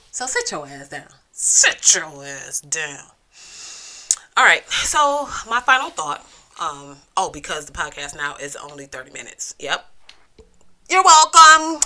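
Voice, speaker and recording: A woman's voice: fairly low pitch, pushed and bright. A woman hosting a solo podcast, ranting in a blunt, profane, sassy way. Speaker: podcast host.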